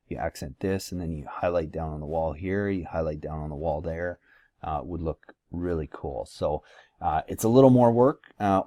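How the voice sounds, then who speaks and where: A very deep, dark-toned man talks through a lighting consultation in an easygoing, halting way, restarting his sentences and filling pauses with "um". His voice sounds dry and close to the mic. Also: no room sound. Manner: casual, hesitant, many fillers and restarts. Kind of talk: walkthrough consultation voice-over.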